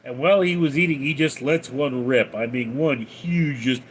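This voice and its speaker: A man hosting a casual livestream, reading out viewer messages and replying in a deadpan way. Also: medium pitch, moderate pace, very noisy. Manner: reads out viewer names and messages, deadpan replies. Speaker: livestream host reading chat.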